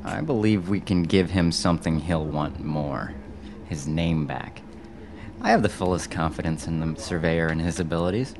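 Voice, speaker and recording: An actor playing a scheming, ruthless commander who gloats calmly over his plans. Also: deep voice, normal speed, noisy background. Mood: smug. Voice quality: smug, gloating.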